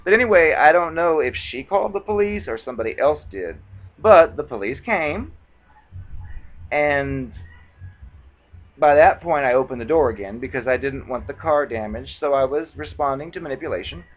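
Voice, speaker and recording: Animated man telling a story, lo-fi. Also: mid-range voice, normal speed. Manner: animated, acts out quoted voices dramatically. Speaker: video blogger. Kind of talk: casual storytelling monologue. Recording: dull lo-fi recording.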